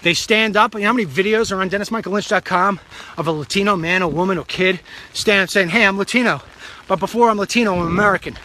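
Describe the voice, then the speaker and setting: A man's voice: high-pitched, fast talker, bright, forceful tone, slight background noise. A middle-aged man hosting a live political talk stream while walking outdoors in the rain, talking bluntly in rambling, jokey asides into a phone.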